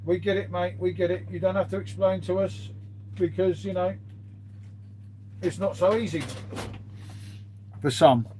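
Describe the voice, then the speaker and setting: A man's voice: high-pitched, steady tone, a little slow, pauses often, a little mellow, a little hiss or hum. A man chatting casually with viewers on an early-morning live stream, swearing freely and calling everyone mate.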